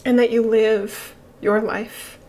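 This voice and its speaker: A middle-aged woman spiritual teacher speaking slowly and haltingly, emotional and near tears, with pauses and sighs. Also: a little high, little pitch movement, warm tone, slight background noise. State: emotional, tearful. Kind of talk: reflective spiritual talk.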